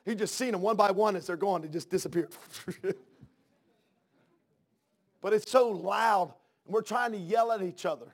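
Male preacher, high voice, sermon style, soft-to-loud fervent delivery, repeats words mid-build. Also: moderate pace, pauses often. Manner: swings from soft hush to loud fervent outbursts. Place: church.

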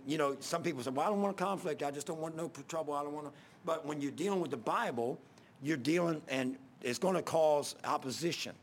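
A man preaching a sermon, telling a story in a casual, conversational way with many restarts. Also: medium pitch.

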